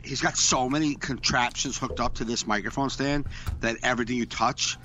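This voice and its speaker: A man co-hosting a casual podcast, his voice bright and forward. He rambles, restarts and swears freely, speaking into a desk mic over an online call, at an everyday pitch for a man. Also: fairly even intonation, moderate pace, lo-fi sound, slight background noise. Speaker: podcast co-host. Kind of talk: casual chat. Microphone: desk microphone over a call.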